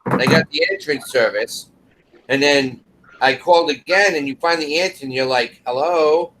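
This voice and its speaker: A man from the northeastern US chatting as a panelist, telling stories in an animated way. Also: a little high, normal speed, background noise. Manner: animated storyteller. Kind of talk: casual group chat.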